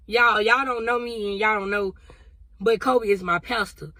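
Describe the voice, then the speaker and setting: A woman's voice: fairly high pitch, moderate pace, pushed and bright, no room sound. A woman vlogger sharing a spiritual testimony in a casual, emotional, conversational way, talking straight to her viewers. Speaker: vlogger sharing a prophetic word.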